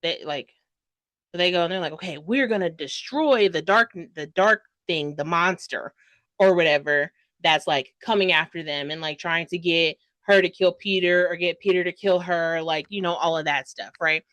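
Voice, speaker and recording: A young woman talks through a book she loved in a loose, gushing vlog style, piling on fillers and dramatic asides. Her voice sits a little low for a woman. The recording is close and dry, with no room sound. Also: moderate pace, a bit bright, no room sound. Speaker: book reviewer. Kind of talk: casual book review vlog.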